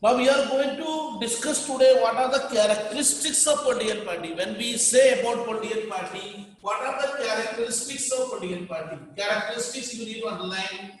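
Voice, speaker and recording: A man with an Indian English accent gives a classroom lecture, emphatically repeating key points and dictating what students should underline. His voice is extremely high and fairly quick, with hardly any pauses. The hall is very echoey and reverberant.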